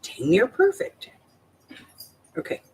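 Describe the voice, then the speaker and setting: A woman's voice: slow, mellow, low-quality recording. An older woman hosting a craft channel, talking casually through each step of her project as she works. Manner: chatty, talks through each step aloud.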